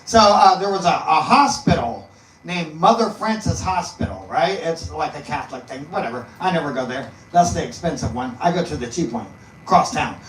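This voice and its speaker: A man from East Texas, a comedy guest, tells a loose, swearing story with a fairly high voice. He chuckles at his own punchlines. The sound is roomy and picked up from a distance, with faint hiss behind. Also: lively intonation, moderate pace. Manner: loose and rambling, laughs through punchlines. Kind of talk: profane comic storytelling. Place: live comedy venue. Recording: echoey room, mic at a distance, faint noise.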